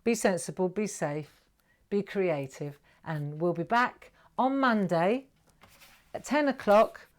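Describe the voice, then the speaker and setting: A woman's voice: mid-range voice, lively intonation, unhurried. A woman hosting a live craft show, chatting and telling stories with a laugh. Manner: chatty, storytelling, laughs at own jokes. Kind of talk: live craft demonstration chat.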